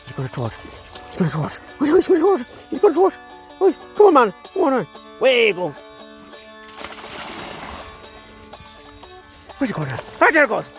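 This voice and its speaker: A scrappy, tough-talking young male dog with a thick Irish accent, as his owner puts him on, calling everyone "man" between shouts. The voice is pushed well above a grown man's usual pitch, loud and jumpy, caught on a phone out in the open. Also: wildly swooping pitch, fast, faint music behind, exaggerated voice. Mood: impatient. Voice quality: brash, foul-mouthed, says "man" a lot. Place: outdoors on a farm by a pond. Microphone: handheld phone.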